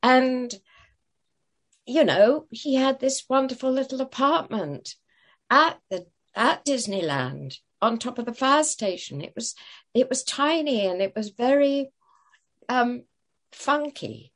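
A woman's voice: high voice, expressive, takes it slowly. An older woman telling stories as an interview guest, hesitant, with many fillers and restarts. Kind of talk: casual interview storytelling.

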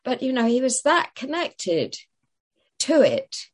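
A woman's voice: sits high, very animated, slow. An older woman telling stories as an interview guest, hesitant, with many fillers and restarts. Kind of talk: casual interview storytelling.

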